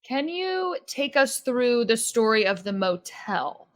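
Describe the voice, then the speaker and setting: A woman's voice: a little high, very animated, slow pace. A woman co-hosting a podcast, asking direct questions that prompt the guest's stories. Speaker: podcast co-host. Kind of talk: interview questions.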